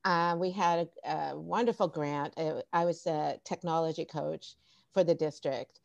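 A woman's voice: sits low, moderate pace, gravelly, no room sound. A middle-aged woman, a former teacher, telling funny stories in a casual podcast interview, full of restarts and laughter. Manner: animated, laughing storyteller with many restarts. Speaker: podcast guest, former teacher and tech coach.

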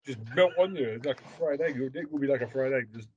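A man's voice: medium pitch, fast, muffled recording, a little hiss or hum. A man hosting a podcast, talking bluntly and provocatively in crude casual chat. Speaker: podcast host.

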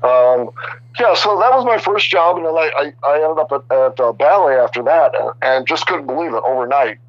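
A man in his sixties, a guest artist, telling casual stories in an animated, rambling way with many restarts. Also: mid-range voice, brisk, lo-fi sound. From Chicago area. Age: 60s. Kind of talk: casual storytelling interview.

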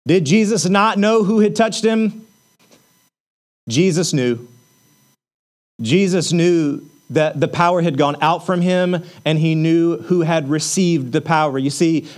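A man's voice: on the high side, measured pace, darkish tone. A man preaching a sermon in a conversational way, asking rhetorical questions and using casual fillers. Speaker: pastor.

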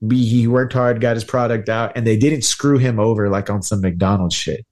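A man's voice: lowish voice, fairly even intonation, normal speed, darkish tone. A man hosting a podcast in loose casual chat, swearing freely and laughing often. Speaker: podcast host.

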